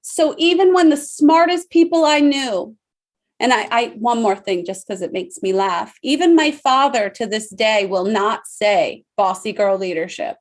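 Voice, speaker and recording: A woman in her thirties giving an emphatic motivational leadership talk to an online audience, with dramatic pauses. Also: a little high. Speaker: leadership speaker.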